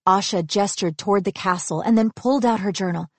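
A woman reads a children's storybook aloud with a gentle, even storytelling voice. Her pitch sits in the middle of the range. The recording is dry and close, with no room sound. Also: fairly quick, no echo. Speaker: narrator. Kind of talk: storybook reading.

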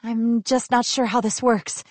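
An earnest young heroine, as a woman reader puts her on, bright with hope and quick to apologize. She climbs higher than the reader's own voice and talks in eager, breathless bursts. It is a storybook reading recorded dry, with no room sound. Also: fairly even intonation, dry recording. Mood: earnest, flustered.

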